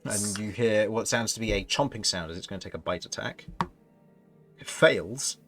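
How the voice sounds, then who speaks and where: A man's voice: lowish voice, moderate pace, a bit bright, faint music behind. A man narrating as game master of a tabletop fantasy game, rambling and correcting himself as he goes. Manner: rambling, self-correcting narration with frequent laughs.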